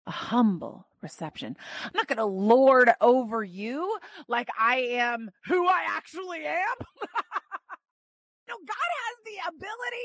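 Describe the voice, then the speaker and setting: A woman's voice: sits high, dry recording. Earnest woman teaching with big swings. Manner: earnest, emphatic, swings from soft to exclaiming. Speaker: podcast host and Bible teacher. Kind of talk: devotional podcast teaching.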